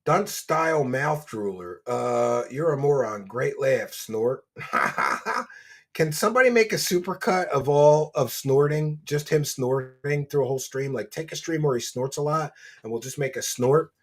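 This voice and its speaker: A livestream host with a medium-pitched, expressive voice chats casually at a normal speed. He reads out donations in a brash, mocking, foul-mouthed way.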